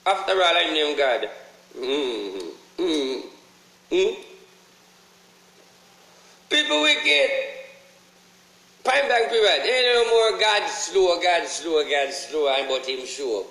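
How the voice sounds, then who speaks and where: A man with a Jamaican accent delivering a casual, preachy monologue, profane and repetitive, his voice jumping high whenever he drives a point home. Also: fairly bright tone, roomy sound, rough recording. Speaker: online ranter.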